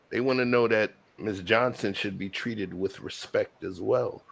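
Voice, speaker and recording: Gravelly-voiced man hosting a panel talk. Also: on the low side, a little slow, hardly any pauses, dry recording. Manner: emphatic, explanatory, repeats words to make a point. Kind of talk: casual panel discussion.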